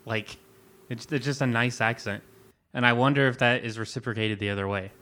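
A man co-hosting a podcast, chatting in a relaxed, easygoing way about music and accents. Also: mid-range voice, brisk. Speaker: podcast co-host. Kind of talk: casual music chat.

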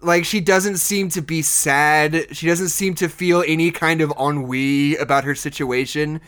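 A man's voice: on the high side, measured pace, clean tone. A man hosting a casual film podcast, telling stories with joking exaggeration. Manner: animated, joking, tells stories with playful exaggeration. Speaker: podcast host. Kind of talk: casual chat.

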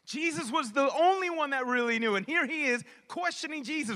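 A man preaching a sermon as a pastor, talking in a lively, conversational way and acting out voices. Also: very high voice, a little fast, hardly any pauses. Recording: echoey hall with long reverb.

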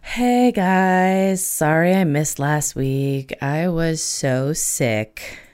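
A woman hosting a podcast in casual solo chat, hoarse from being sick, chatty and self-mocking with casual swearing. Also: low-pitched, very slow, a little mellow. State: hoarse from illness. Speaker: podcast host.

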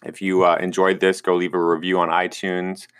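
A man's voice: deep voice, level tone, normal speed, smooth, no room sound, clean studio sound. A man hosting a podcast, chatting with his parents and then signing off to listeners in an upbeat, casual way. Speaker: podcast host. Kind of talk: casual chat.

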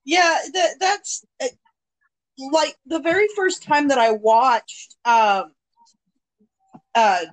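A woman hosting a podcast in casual chat, talking in a relaxed, drawn-out way. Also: sits high, low-quality recording. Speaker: podcast host.

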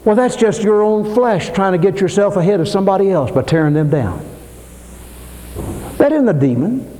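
An older man preaching a dramatic sermon in a church, swinging between soaring emphasis and low asides. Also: animated, normal speed, mellow. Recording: long hall reverb.

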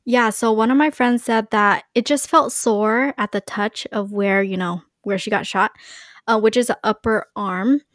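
A woman's voice: medium pitch, fairly even intonation, moderate pace, dry recording, clean studio sound. A young woman chatting casually on a podcast, with a lot of "like" and "you know". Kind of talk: casual chat.

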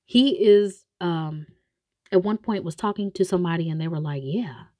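A woman casually retelling a story with comedy, slangy and animated, with many asides. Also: fairly low pitch, normal speed, no echo. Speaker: show recapper.

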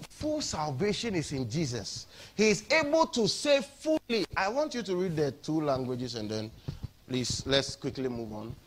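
A man with a Ghanaian accent preaching an animated sermon in a church, switching between English and Twi. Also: fairly high pitch, moderate pace, slight background noise.

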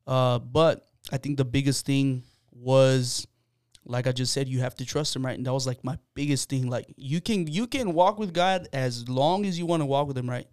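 A man's voice: mid-range voice, moderate pace, darkish tone, no room sound, studio quality. A man, a podcast guest, telling an earnest personal story in casual chat, with many fillers and restarts.

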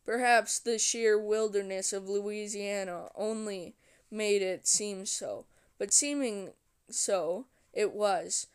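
A woman reading aloud and voicing a calm, brooding male vampire who tells his story in a measured, unhurried way. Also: medium pitch, smooth, natural voice. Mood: reflective.

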